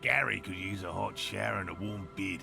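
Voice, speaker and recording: An actor playing a dry, sarcastic, learned middle-aged cryptozoologist in a video game. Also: male voice, sits low, a little fast, gravelly. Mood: wry. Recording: game audio with music behind.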